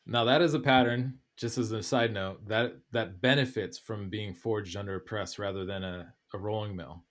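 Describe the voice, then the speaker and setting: Low-voiced man, an enthusiastic guest. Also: steady tone, normal speed, fairly bright tone. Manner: enthusiastic, explaining with casual swearing. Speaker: guest craftsman. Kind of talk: casual chat.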